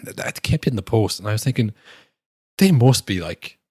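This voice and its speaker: A man's voice: fairly low pitch, sing-song, moderate pace, darkish tone, breathy edge, no room sound, studio quality. A young adult man co-hosting a football podcast, telling the story animatedly and acting out the people in it. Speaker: podcast co-host. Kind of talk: casual football chat.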